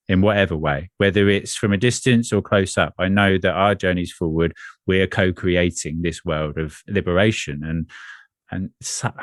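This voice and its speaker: A man speaking as an energy coach in a spiritual conversation, earnest and measured, often repeating phrases. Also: sits low, dry recording, studio quality.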